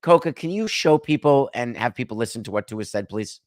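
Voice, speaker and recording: A middle-aged man hosting a sports podcast, talking in a brash, joking monologue full of quick asides. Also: mid-range voice, lively intonation, dry recording, studio quality. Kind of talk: casual sports commentary monologue.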